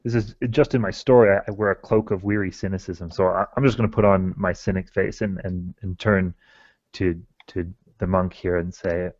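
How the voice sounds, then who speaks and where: A man's voice: deep voice, steady tone, brisk, darkish tone, dry recording, highs cut off. A man playing a tabletop game who stammers and repeats words as he describes his character's actions. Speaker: player.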